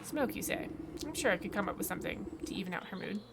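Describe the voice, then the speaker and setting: A woman voicing a calm, businesslike female witch in a video game, polite and matter-of-fact. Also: medium pitch, quick pace, heavy background noise, lightly acted.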